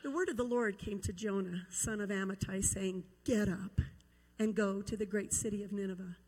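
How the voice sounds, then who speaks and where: A woman's voice: mid-range voice, steady tone, moderate pace, darkish tone, in a large hall, poor audio. A woman evangelist recovering from a cold recites a book of scripture from memory, telling it dramatically to a congregation.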